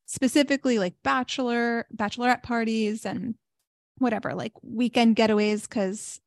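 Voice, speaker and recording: A young woman co-hosting a yoga podcast spins a story in a fairly high voice, laughing often and filling every pause with "like". She is recorded close up in a dry room with no echo. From South Florida. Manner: animated storyteller who laughs often and says "like" a lot. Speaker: podcast co-host, yoga teacher. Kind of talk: casual chat, storytelling.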